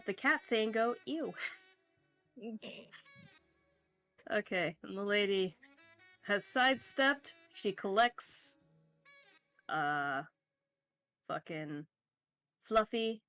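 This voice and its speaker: Slow-paced woman game master. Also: medium pitch, clear, resonant tone, dry recording. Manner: slow, relaxed narration with fillers and laughs. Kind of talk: narrating a tabletop game.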